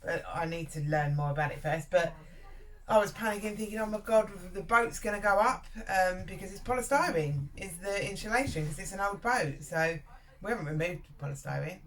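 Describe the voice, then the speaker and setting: A woman's voice: lowish voice, animated, fairly quick. A woman chatting casually to camera about her worries, rambling, laughing often, recorded inside a narrowboat. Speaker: vlogger host.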